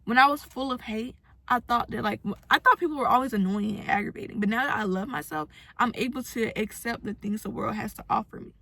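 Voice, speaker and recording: A woman's voice: a little high, a little fast, bright, forceful tone, no echo. A young woman giving a casual, earnest motivational talk to her followers, acting out the voices of people she quotes. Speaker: self-help vlogger.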